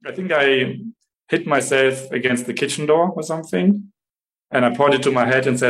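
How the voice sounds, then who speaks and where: A man's voice: mid-range voice, moderate pace, rough recording. A man, a father, casually telling a proud story with some hesitation. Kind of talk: personal storytelling.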